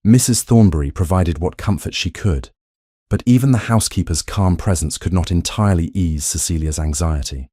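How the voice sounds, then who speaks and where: A man narrates a period romance in a deep, dark voice. His delivery is steady and measured, like a prepared audiobook reading. The recording is dry, with no room sound. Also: breathy edge, no echo. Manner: even, measured storytelling.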